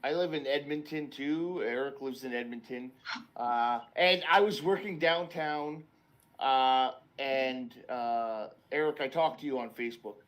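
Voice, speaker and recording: A man's voice: medium pitch, measured pace, a bit bright. A man joining a livestream chat, talking casually and hesitantly. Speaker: stream guest.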